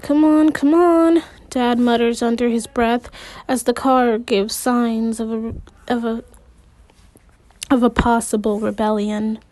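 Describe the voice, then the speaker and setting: A woman reading a novel aloud in the first person, unhurried, with occasional slips and restarts. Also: fairly high pitch, flat delivery, a little mellow. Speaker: amateur audiobook reader.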